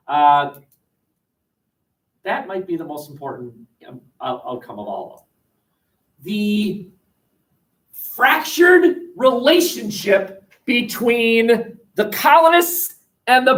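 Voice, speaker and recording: A male history teacher giving a classroom lecture, animated and jokey, with many restarts and fillers. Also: high voice, takes it slowly, distant mic, low-quality recording.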